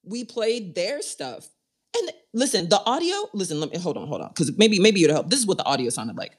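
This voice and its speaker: Animated woman hosting a live show. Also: brisk, slightly rough. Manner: animated, jokey, swoops up into high squeals when excited. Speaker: podcast and radio show host. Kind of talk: lively casual banter.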